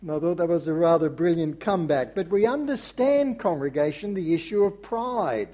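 A pastor with a non-American English accent gives a sermon in a high-pitched voice that stays soft-edged and mellow. He speaks earnestly and animatedly at a measured pace, addressing the congregation directly and occasionally pausing on small filler sounds.

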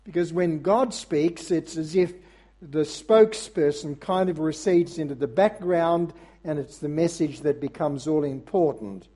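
Mellow high-voiced preacher man. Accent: non-American English. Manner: earnest, measured preaching with frequent uh fillers. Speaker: pastor. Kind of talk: sermon.

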